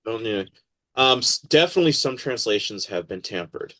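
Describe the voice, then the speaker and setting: A man talking as a podcast guest in a casual interview, animated and acting out quoted voices as he explains. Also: medium pitch, moderate pace.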